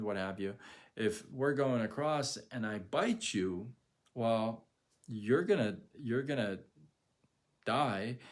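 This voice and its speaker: A man voicing a smooth-talking male scorpion in a retold fable, speaking in a casual, coaxing way. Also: darkish tone, close to an everyday voice. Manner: casual, coaxing, low-key.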